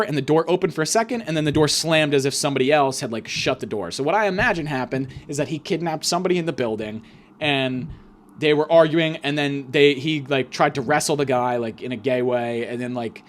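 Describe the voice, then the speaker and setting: A man's voice: fairly high pitch, brisk. A young man telling a crude, rambling comic story as a podcast host.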